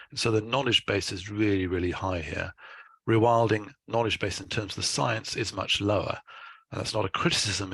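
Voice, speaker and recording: A man giving a conference talk as a scientist, explaining in a measured way with dry asides. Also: on the low side, vocal fry, a bit bright, slightly rough, no echo.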